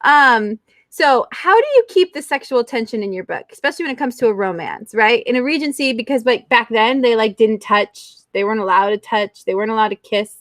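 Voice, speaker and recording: A woman's voice: a little high, fairly quick, a bit bright, no room sound. A woman co-hosting a writers' talk show, playful and asking questions. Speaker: podcast co-host. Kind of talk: casual chat.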